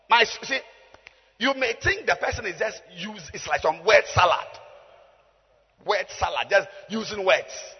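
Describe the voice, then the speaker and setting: Man, high-pitched preacher, slow and emphatic call-and-response, muffled hall recording with faint music. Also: animated, breathy edge. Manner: emphatic, rises to shouted declarations.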